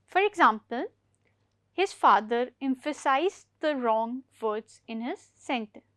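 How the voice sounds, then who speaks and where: A woman teaching an English grammar lesson for exam preparation, explaining each point slowly and repeating key words. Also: high-pitched, animated, fairly bright tone, no room sound, studio quality.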